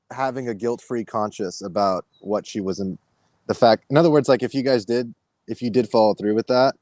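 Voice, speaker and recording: A man's voice: on the low side, darkish tone, dry recording. Man musing on a podcast. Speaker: podcast guest. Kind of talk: casual podcast chat.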